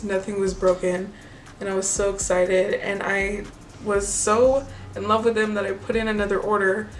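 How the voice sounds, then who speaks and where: A woman's voice: medium pitch, far from the mic, a little hiss or hum, low-quality recording. Chatty woman telling a beauty story. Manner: chatty, animated storytelling, acts out quoted voices. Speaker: beauty vlogger. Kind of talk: casual story time.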